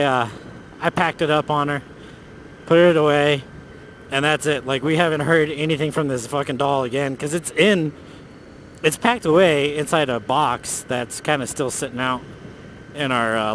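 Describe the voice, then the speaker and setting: A man with a slightly high voice tells a ghost story in a loose, animated, profane way. He talks while riding a motorcycle outdoors, and a faint hiss of road noise runs underneath. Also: moderate pace. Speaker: motovlogger. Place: outdoors on a motorcycle on city roads.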